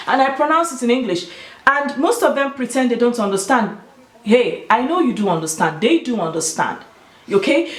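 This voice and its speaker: A Nigerian woman with an Igbo-tinged accent, talking casually and emphatically to her vlog audience. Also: high-pitched. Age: adult with children. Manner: emphatic, explaining and storytelling. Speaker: YouTuber. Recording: echoey room.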